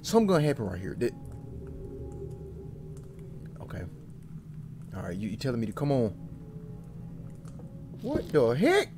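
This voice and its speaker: A man streaming a horror game, jittery, talking back to it and insisting he is not scared, swinging between loud outbursts and low muttering. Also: big pitch swings, rapid-fire, music in the background. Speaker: gaming streamer.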